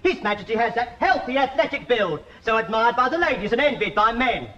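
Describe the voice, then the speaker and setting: Brief: fawning royal tailor, very high and sharp, fussy, roomy lo-fi TV audio. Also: male voice, expressive, fairly quick, full character voice. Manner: gushing, flowery, fussy. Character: fussy, flattering royal tailor man, gushing and easily flustered. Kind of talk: 1970s TV sketch comedy. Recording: dull, roomy old TV recording with audience laughter.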